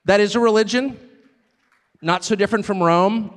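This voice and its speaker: A man's voice: high-pitched, normal speed. Male speaker, live speech, emphatic and wry, long hall reverb. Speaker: speaker at a public event.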